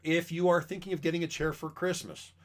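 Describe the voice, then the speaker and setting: A man's voice: a little high, little pitch movement, fairly quick. A middle-aged man from Canada, a chiropractor and massage chair dealer, rambling chattily in a casual monologue full of fillers.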